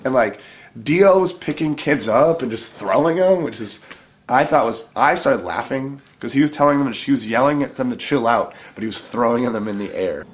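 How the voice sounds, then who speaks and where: A man telling a story in a casual interview in an animated, profane way, laughing as he goes. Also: medium pitch, normal speed.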